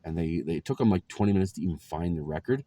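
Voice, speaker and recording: A man's voice: deep voice, expressive, fast talker, warm tone. A man in his forties casually telling stories about his life to camera, rambling along with lots of ums and chuckles. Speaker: vlogger.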